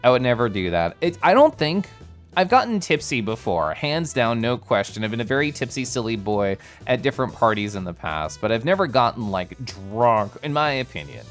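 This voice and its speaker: Man, live streamer, bubbly and giggly, swooping pitch, faint music behind. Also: normal speed. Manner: animated and giggly, greeting chatters by name. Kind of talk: casual chat reading viewer messages.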